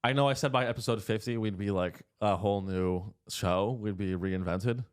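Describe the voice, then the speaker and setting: A man's voice: moderate pace, clean tone. A man in his thirties hosting a casual comedic podcast in a studio, rambling and crude with plenty of jokes. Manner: rambling, crude, jokey, swings pitch widely. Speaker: podcast host.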